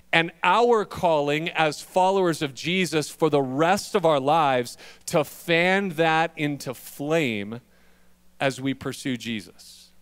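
A man's voice: fairly high pitch, fairly bright tone, clear, resonant tone. A male pastor in his thirties preaching a sermon, telling self-deprecating stories about being a dad with humor. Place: church sanctuary.

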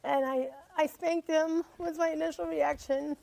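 A woman's voice: sits high, steady tone, unhurried, creaky, darkish tone, poor audio. A woman appearing as a guest on a talk show, telling her story emotionally and rambling, repeating herself.

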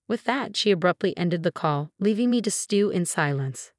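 A woman reading a first-person story as scripted narration, in an even, measured way. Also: lowish voice, no room sound, studio quality.

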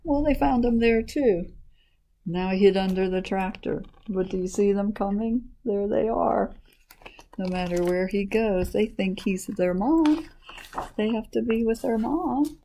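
A woman children's librarian reading a picture book aloud in an animated way and asking her listeners questions. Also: mid-range voice, a little slow, low-quality recording.

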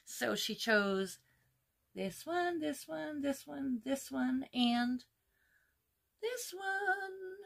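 A beauty vlogger in her fifties talks casually through a makeup tutorial at home, raving about the colors and now and then sinking into a soft whisper. Her voice sits on the high side.

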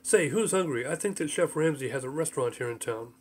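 A man's voice: a little high, expressive, fairly quick, breathy edge. A man voicing an absent-minded, breezy male senator.

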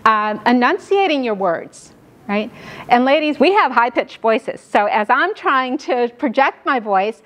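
A middle-aged woman gives a classroom lecture on caregiving. Her voice sits a little high for a woman. She talks quickly and keeps tagging her points with "right?" to pull the room along. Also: lively intonation, fairly bright tone. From New York. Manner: fast-talking, frequent "right?" checks with the audience. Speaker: lecturer on dementia care.

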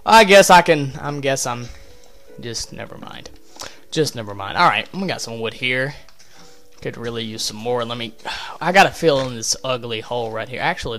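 A man's voice: medium pitch, a bit bright. A man giving casual let's-play commentary, rambling and interrupting himself, with offhand swearing as he talks to himself. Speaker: gameplay commentator.

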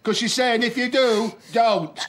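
A lonely fat man, soft voice. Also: very high-pitched, steady tone, a little slow, a crowd in the background. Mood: flustered. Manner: soft-spoken, plain, calls people love. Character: lonely, very fat middle-aged man, gentle and wounded. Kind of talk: TV comedy-drama acting.

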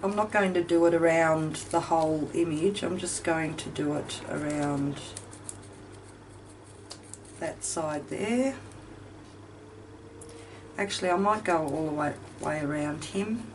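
A woman's voice: low voice, slow, pauses often, a little mellow. A woman hosting a craft video, chatting casually and thinking aloud as she works, a little self-deprecating. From Australia. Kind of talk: casual chat while crafting. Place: home craft room with ceiling fan running. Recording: distant mic, faint fan noise.

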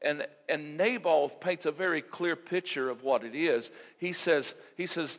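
A man's voice: on the high side, unhurried, hardly any pauses, fairly bright tone. A man preaching a sermon as pastor, building emphatic repeated lines. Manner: preaching with rising, emphatic repetition. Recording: long hall reverb.

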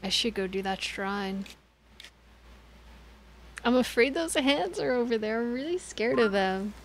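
An American woman chatting casually as she plays a game on a live stream, self-deprecating and quick to giggle. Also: a little high, expressive, a little hiss or hum, rough recording. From United States. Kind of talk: casual gameplay commentary.

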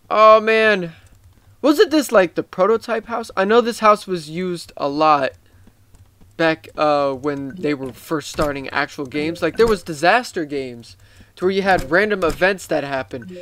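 A man with a high, smooth voice rambles through casual gameplay commentary, excitable and quick to swear. He is tired and talks at an unhurried pace. The sound is close and dry. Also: no echo. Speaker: gaming YouTuber.

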